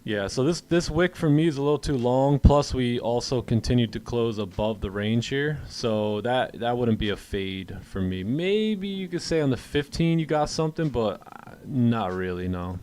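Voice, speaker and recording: A man's voice: mid-range voice, animated, normal speed, few pauses, darkish tone. A man hosting a live trading stream, answering chat questions in a rambling, casual way and often repeating words. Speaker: trading livestream host.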